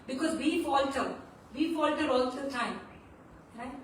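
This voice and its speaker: A woman's voice: high-pitched, moderate pace, a little hiss or hum. A woman in a temple hall giving an earnest scripture class, telling devotional stories and often checking in with her listeners. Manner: earnest, asks right? often. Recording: echoey hall from far off.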